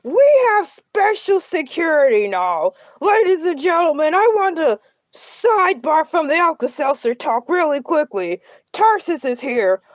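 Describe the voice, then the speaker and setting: A woman's voice: extremely high pitch, no echo. A woman playing a boastful, needy male shark who hosts a comedic talk show, whiny and rambling. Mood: worried, then chatty. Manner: whiny, self-centered, rambling. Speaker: host. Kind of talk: comedic character livestream.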